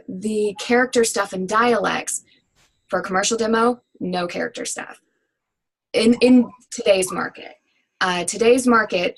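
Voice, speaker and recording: A woman who produces voiceover demos, answering questions in a casual webinar with energetic, chatty talk full of fillers. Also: mid-range voice, gravelly, slightly rough, low-quality recording.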